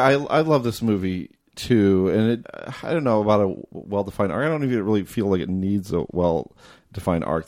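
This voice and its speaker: Deep, mellow-voiced man talking films. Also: no echo, clean studio sound. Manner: thoughtful, hesitant restarts. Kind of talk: casual film discussion.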